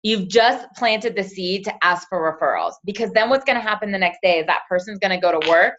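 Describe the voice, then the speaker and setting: Leading a coaching talk for her sales team, a woman speaks in a chatty way, acting out sample conversations in quoted voices and frequently checking in with "right?". Her mid-range voice is lively in intonation, fairly quick and a bit bright, though the audio sounds dull.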